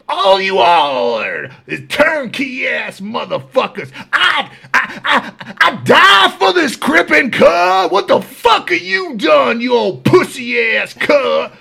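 A man voicing an unhinged, paranoid male prison inmate who shouts and boasts rowdily. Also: extremely high pitch, slow, voice pushed up, full character voice. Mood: boastful shouting.

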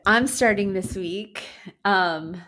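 A woman's voice: mid-range voice, slow pace, bright, forceful tone, soft background music. A young adult woman co-hosting a podcast in casual chat, who reads a spooky online post aloud and laughs and swears along the way. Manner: chatty, laughing, swears for emphasis. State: tired. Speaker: podcast co-host.

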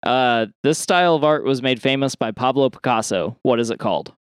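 A man's voice: medium pitch, brisk, clear, resonant tone, no room sound, clean studio sound. A man co-hosting a podcast, reading out quiz questions and multiple-choice answers in a casual chat, laughing often. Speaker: podcast co-host running a quiz.

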